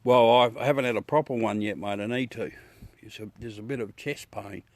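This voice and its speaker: A man's voice: lowish voice, fairly even intonation, brisk, no room sound. An Australian man hosting a casual live chat with viewers from his backyard at night, swearing freely and laughing often. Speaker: livestream host.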